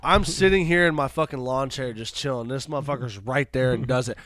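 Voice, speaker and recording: Profane animated man telling a story. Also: medium pitch, a little fast, few pauses, no room sound. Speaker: podcast co-host. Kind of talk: casual storytelling chat.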